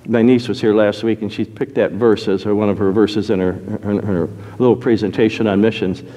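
A man preaching a sermon, animated, jumping from loud exclamations to quiet asides. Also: fairly low pitch, fairly quick, big-room sound.

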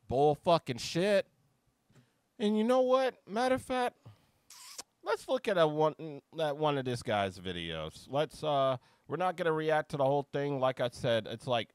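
A man's voice: fairly high pitch, smooth, no echo. A man delivering a heated, profane reaction rant as a YouTube commentator. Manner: heated, profane, shouty outbursts.

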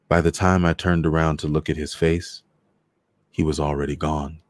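A man reading a short story aloud in a steady, measured way. His voice is very low, recorded close and dry. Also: dry recording. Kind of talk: cold read of a short story.

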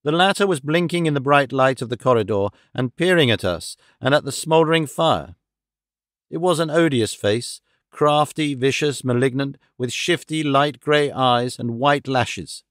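With a mid-range voice, a man reads scripted audiobook narration at a calm, even pace. The studio-quality audio carries no echo.

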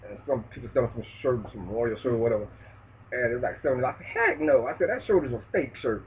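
A man ranting in a loud, preachy, profane street manner in a vlog monologue. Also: medium pitch, a little hiss or hum. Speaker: vlogger. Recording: distant tinny phone-like sound.

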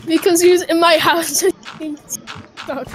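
A woman's voice: very high voice, steady tone, measured pace. A woman chatting and swearing with friends while playing a game. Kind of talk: casual gaming chat with friends. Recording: very noisy gaming voice chat.

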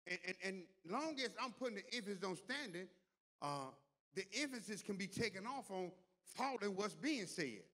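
Pastor guy preaching, bright sharp voice, kinda high, lots of call and response, big reverby church. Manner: call-and-response preaching, repeats words, builds to loud climax. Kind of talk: sermon. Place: large church hall. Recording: long hall reverb.

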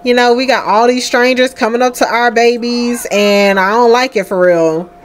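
A woman's voice: a little high, moderate pace, a little hiss or hum. A woman hosting a life-sim let's play, chatting casually and laughing as she talks to her characters. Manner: chatty and animated, laughing often, talking to the sims. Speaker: gaming host.

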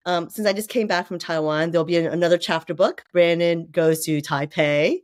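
A woman guest on a podcast, chatting casually about writing children's books and telling lively stories that act out other people's voices. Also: lowish voice, a little fast. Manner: lively storyteller who acts out quoted voices. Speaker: guest, children's book author.

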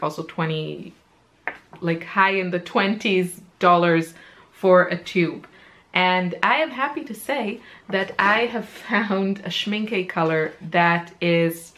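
A woman's voice: on the low side, fairly bright tone. A woman chatting casually about her favorite paints, enthusiastic and full of ums, often repeating her praise. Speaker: art supply reviewer. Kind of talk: laid-back chatty product talk.

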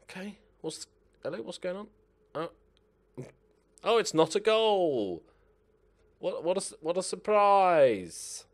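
A man's voice: sits high, expressive, slow, pauses often. A young man playing a football management game, muttering to himself and swearing at his players as he comments. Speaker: gaming channel host.

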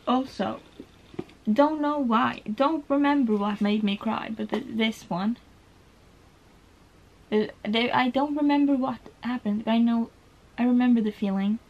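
A woman's voice: a little high, moderate pace, long pauses, darkish tone, highs cut off. A young woman from Norway chatting about books she loved, emotional and rambling with lots of "like"s. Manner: gushing, emotional, rambling with many "like"s. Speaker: book vlogger. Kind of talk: casual book tag vlog.

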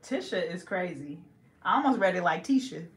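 A woman's voice: on the low side, animated, moderate pace, roomy sound. A young woman from California, a hair braider, chatting playfully and teasing while she works, laughing often. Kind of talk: casual chat while braiding.

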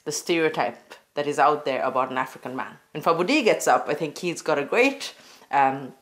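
A woman's voice: deep voice, expressive, brisk. A woman talking in a hesitant, thoughtful way in an interview. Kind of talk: interview talk.

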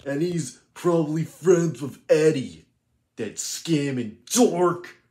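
A man's voice: fairly high pitch, animated, takes it slowly, a little mellow. Kevin, a man doing a sneering teen bully. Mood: ranting. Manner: name-calling, mocking rants. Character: cocky scornful teenage boy bully. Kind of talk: fan parody roast.

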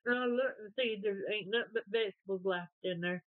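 A woman's voice: medium pitch, a little fast, no echo. A woman chatting casually while eating, telling rambling, folksy stories. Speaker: mukbang vlogger. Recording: tinny, dry phone-like sound.

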